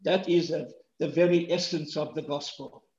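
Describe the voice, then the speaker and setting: Emphatic high-voiced male preacher. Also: normal speed, echoey room, lo-fi sound. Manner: emphatic, swinging from hushed to shouting; repeats key phrases for stress. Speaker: pastor. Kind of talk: sermon.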